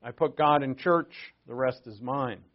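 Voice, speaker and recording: A man's voice: medium pitch, moderate pace. Earnest guy preaching casually, restarts a lot then punches points hard, kinda muffled recording. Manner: earnest, conversational, with restarts and bursts of emphasis. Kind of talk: sermon.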